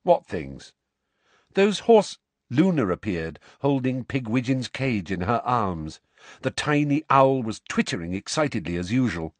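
Expressive male audiobook narrator. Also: medium pitch, moderate pace, dry recording. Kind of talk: storybook narration.

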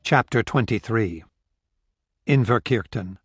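A man narrating an audiobook in steady, measured scripted narration. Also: mid-range voice, no room sound, clean studio sound.

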